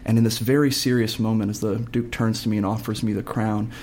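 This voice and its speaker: A man's voice: lowish voice, steady tone, fairly quick, darkish tone, slight background noise. A man hosting a casual conversation with actors and telling his own stage anecdotes. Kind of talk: casual chat.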